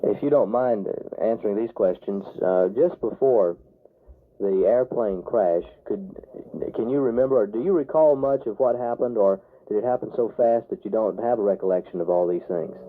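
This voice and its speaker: A man's voice: fairly low pitch, moderate pace. A man interviewing someone, asking careful, polite questions. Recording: tinny phone-like recording.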